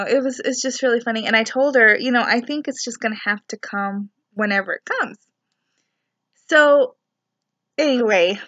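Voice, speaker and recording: A woman's voice: fairly high pitch, fairly bright tone, no room sound, highs cut off. A young woman telling a rambling personal story to camera, chatty and full of fillers and asides. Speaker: spiritual vlogger, student. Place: her apartment.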